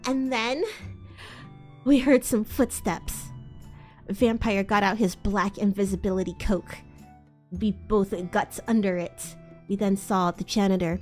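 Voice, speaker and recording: A woman's voice: medium pitch, measured pace, faint music behind. A young woman streamer giving a dramatic, mocking live reading, with the odd stumble over words.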